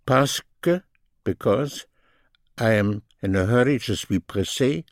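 A man teaching a language lesson, slowly and deliberately repeating each phrase in both languages. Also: mid-range voice, lively intonation, no room sound, clean studio sound.

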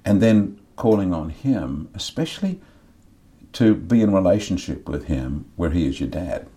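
Speaking at normal speed in a low, dark, expressive voice, a middle-aged man shares candid thoughts on faith and his inner life as a podcast guest. He's earnest and confessional, often repeating words while he searches for them.

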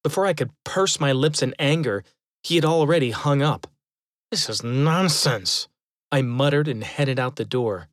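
A man telling a first-person eerie story in a measured, steady way, slowing down at tense moments. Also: medium pitch, no room sound, clean studio sound.

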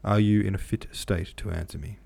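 Audiobook: man voicing a stern, peremptory priest, deep gravelly tone. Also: steady tone, brisk, a little mellow, exaggerated voice. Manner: curt, peremptory. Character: stern middle-aged male priest, seminary director, severe.

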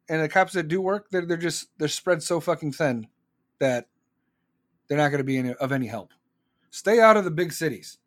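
A man hosting a podcast, ranting in a blunt, profane monologue and repeating lines for emphasis. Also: a little high. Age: adult with children. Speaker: podcast host.

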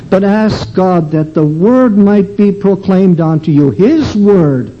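A man preaching a sermon, slow and emphatic, drawing out his phrases. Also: sits high, dark tone. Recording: dull lo-fi recording with faint hum.

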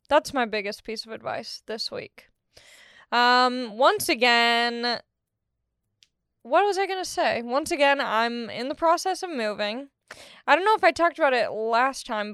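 A woman's voice: a little high, a bit bright, clear, resonant tone, no room sound, clean studio sound. A young woman hosting her own podcast, talking in a rambling, jokey, self-deprecating monologue. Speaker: podcast host. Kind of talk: casual monologue.

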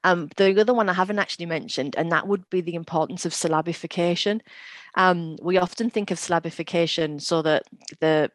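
A woman's voice: on the low side, a little fast, no echo. A woman in her forties, a guest on an education podcast, explaining teaching methods through practical classroom examples. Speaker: guest, education company CEO. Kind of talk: podcast interview.

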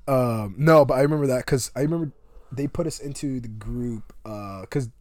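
A man's voice: medium pitch, normal speed, darkish tone, dry recording. Easygoing young man chatting. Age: young adult. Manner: easygoing, chatty, swears casually. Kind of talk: casual chat.

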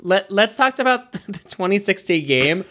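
A woman's voice: medium pitch, expressive, moderate pace, a bit bright. A woman co-hosting a podcast, playful and steering the casual chat. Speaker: podcast co-host.

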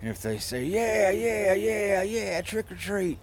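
A man's voice: high voice, sing-song, slow, slight background noise, full character voice. A man voicing a boastful old cowboy rock star with a put-on Southern drawl, telling rambling tall tales about hunting ghosts. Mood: storytelling. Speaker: comedy guest character.

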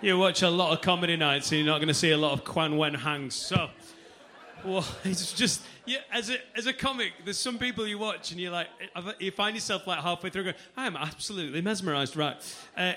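A man compering a comedy night, rambling a little before calling up the final act. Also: high voice. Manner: brisk, rambling, ends with a shout. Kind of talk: introducing acts.

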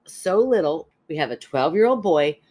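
A woman's voice: deep voice, normal speed, slightly rough. A woman, a podcast co-host telling a story in casual chat and laughing as she talks. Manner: animated storyteller, laughs while talking.

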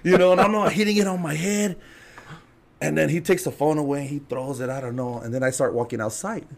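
A man's voice: on the high side, steady tone, brisk, gravelly. A man telling a story as a podcast guest in casual chat, laughing and swearing as he acts out the people in it. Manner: laughing, profane, acts out quotes.

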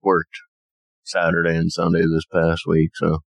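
A man co-hosting a podcast, explaining things in a casual, halting way with many fillers. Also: low voice, monotone, vocal fry, dry recording, poor audio. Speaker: podcast co-host. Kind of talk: casual chat.

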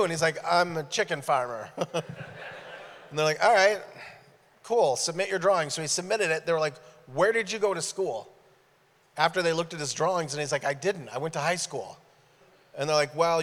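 Guest preacher, male, storyteller who acts out his dialogue, mid-high voice, big reverberant room. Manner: animated, acts out dialogue in stories. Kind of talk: sermon storytelling. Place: church sanctuary. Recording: long hall reverb.

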